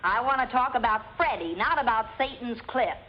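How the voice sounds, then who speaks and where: An actress playing a scheming, bossy young woman in a 1950s sitcom, brisk and commanding. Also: on the high side, animated, natural voice. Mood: insistent. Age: young adult. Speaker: daughter. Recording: dull lo-fi 1950s TV audio with music.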